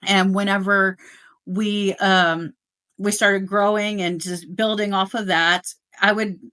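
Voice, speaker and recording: A middle-aged woman, a guest on a podcast, telling work stories in animated casual chat with plenty of fillers. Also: mid-range voice, takes it slowly, smooth. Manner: animated storytelling, rising excitement, many fillers. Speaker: guest, dealership service manager.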